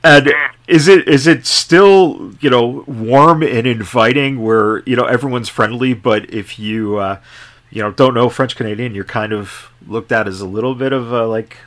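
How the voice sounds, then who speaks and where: A man hosts a casual podcast interview with a plain, mid-pitched voice. He wanders through his questions, stopping often for fillers and side remarks. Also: normal speed, a bit bright. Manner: rambling, full of fillers and asides. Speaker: podcast host.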